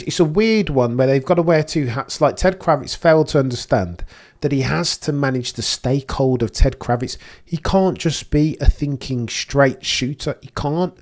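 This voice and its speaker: A young man hosting a live watchalong, talking in a rambling, opinionated way and often restarting his sentences. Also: fairly high pitch. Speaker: livestream host. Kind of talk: casual live commentary.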